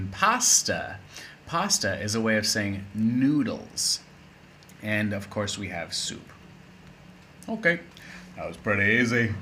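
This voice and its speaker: Playful male English teacher, bright voice. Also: on the low side, a little hiss or hum. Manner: playful, chatty, with spoken asides. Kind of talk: casual video lesson.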